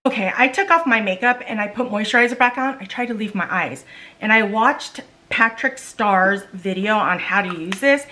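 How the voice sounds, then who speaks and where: A woman's voice: mid-range voice, normal speed, bright, forceful tone. A woman beauty vlogger in a casual makeup try-on vlog, chatty and exasperated, talking straight to her viewers.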